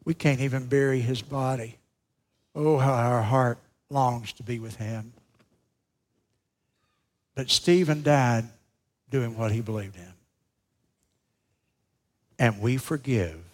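A male pastor delivers his sermon at an unhurried, deliberate pace. His voice is husky, and he leans into each story with emphasis. He sounds measured and earnest. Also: mid-range voice, darkish tone. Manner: slow, emphatic storytelling preacher.

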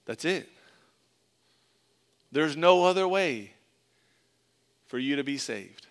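A man's voice: a little high, expressive, slow, clean tone. A middle-aged man from Florida preaching a sermon in a conversational, joking way, mixing scripture with a story from his own childhood. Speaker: pastor.

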